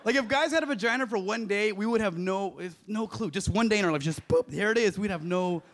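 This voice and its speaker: A man's voice: high voice, fairly quick, noisy background. A man doing a loose, profane stand-up set on a club stage, often laughing at his own jokes. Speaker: stand-up comedian. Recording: live club with audience.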